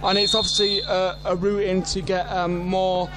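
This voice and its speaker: A man giving co-commentary at a football match, offering quick opinions and hesitating with "um". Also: high-pitched, flat delivery, a crowd in the background. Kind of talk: match analysis on club radio. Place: outdoor football stadium.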